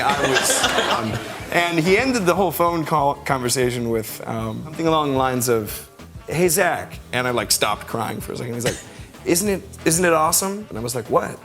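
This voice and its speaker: A young man, a talk-show guest, telling an excited, rambling anecdote with bursts of laughter. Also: fairly high pitch, moderate pace, loud music behind the voice. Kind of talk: emotional anecdote.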